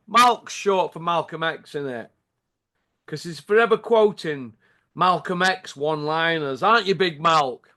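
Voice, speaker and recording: A man's voice: high-pitched, bright, forceful tone. A man with a Yorkshire accent delivering a sarcastic, taunting rant to camera, full of rhetorical tag questions. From Yorkshire, England. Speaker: channel host.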